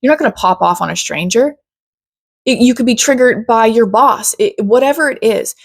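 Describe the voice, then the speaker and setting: Woman coach with a gravelly voice. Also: a little high, normal speed, no echo, studio quality. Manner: chatty, often says "right?" and "you guys"; blunt, swears casually. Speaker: self-development coach. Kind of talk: casual spoken lesson.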